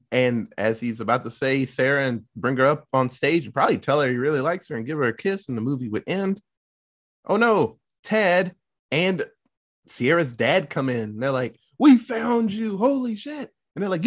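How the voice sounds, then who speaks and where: Male co-host, casual recap, expressive and animated. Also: on the high side. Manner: animated storytelling, swearing, mock quoting characters. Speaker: podcast co-host recapping a film. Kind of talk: casual chat.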